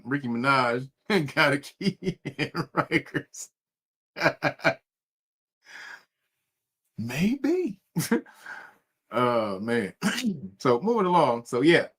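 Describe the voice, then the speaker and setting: A man's voice: medium pitch, lively intonation, slow, long pauses, fairly bright tone. A man reading news articles aloud and riffing on them, cursing, laughing often and stumbling over words. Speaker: commentary streamer.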